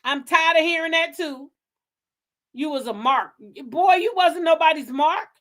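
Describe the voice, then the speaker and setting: A woman's voice: sits high, measured pace, fairly bright tone. A woman hosting her own gossip show, talking straight to her listeners in unscripted commentary. She rants with heat and sass and swears freely, often repeating herself for emphasis. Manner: profane, heated, sassy ranting.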